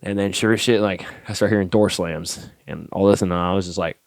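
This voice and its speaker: Fast-talking deep-voiced man, profane storyteller. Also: creaky, no echo, clean studio sound. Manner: profane, animated storyteller acting out dialogue. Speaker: podcast guest, army staff sergeant. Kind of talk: casual storytelling.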